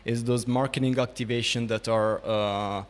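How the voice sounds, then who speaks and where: Man, studio co-founder, mid pitch, thoughtful, halting, casual interview. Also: steady tone. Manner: thoughtful, halting, frequent restarts.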